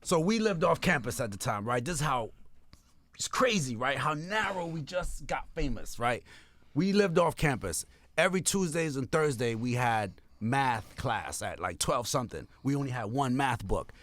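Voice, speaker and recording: An older man telling a story in an interview, casual and lively, acting out the other people's voices. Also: medium pitch, normal speed, dry recording.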